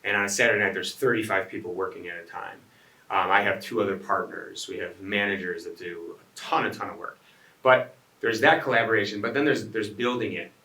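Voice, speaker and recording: A man's voice: fairly low pitch, steady tone, brisk, pushed and bright. A man who owns restaurants, giving a conversational design talk to a live audience. He rambles, restarts his sentences and turns to the crowd with asides. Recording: echoey room, voice picked up from a distance.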